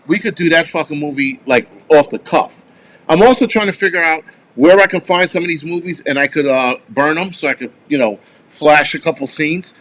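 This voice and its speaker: A man hosting a casual live stream, chatting about movies in a rambling, profane way and getting animated when he tells a story. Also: on the high side. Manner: rambling, with restarts. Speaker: host.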